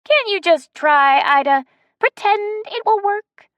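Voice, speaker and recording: A woman voicing a giddy older woman who plays matchmaker, talking high and pleading. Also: lively intonation, slow, no echo, highs cut off, full character voice. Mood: eager.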